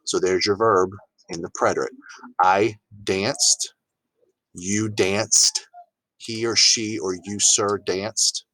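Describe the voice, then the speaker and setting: A man teaching a grammar lesson in a relaxed, chatty way, talking straight to his students with plenty of fillers. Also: on the low side, slow pace, no echo, rough recording. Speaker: Spanish teacher. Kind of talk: informal recorded grammar lesson.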